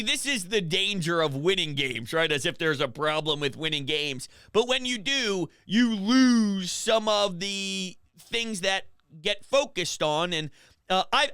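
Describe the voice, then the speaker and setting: A male sports show host with a high, bright voice who rants quickly and with animation. His voice comes through smooth and crisp in a dry, close recording. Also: no room sound. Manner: fast, animated ranting with quick restarts. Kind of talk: opinionated sports talk show.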